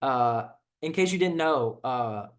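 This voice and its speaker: A young man with a Southern twang hosts a channel, chatting in a rambling, laid-back way while reacting to comments, packed with fillers and restarts. His mid-range voice is animated yet slow-paced.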